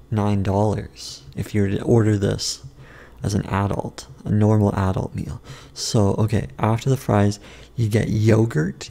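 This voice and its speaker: A man casually rambling through a food review and a story from his day, unhurried and often correcting himself. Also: on the low side, gravelly, mellow. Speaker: vlogger.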